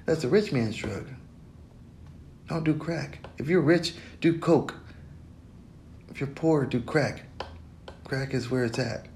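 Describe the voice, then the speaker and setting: A man's voice: mid-range voice, animated, slow, gravelly, pauses often. A young man hosting a podcast alone, rambling in a casual monologue, swearing constantly and breaking into laughter. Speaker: podcast host.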